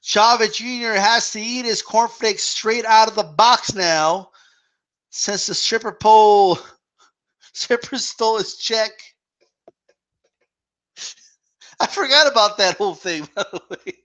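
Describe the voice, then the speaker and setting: Male boxing-stream host, high voice, laughs a lot, slangy and casual. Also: slow pace, long pauses, fairly bright tone. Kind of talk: casual chat reading viewer questions.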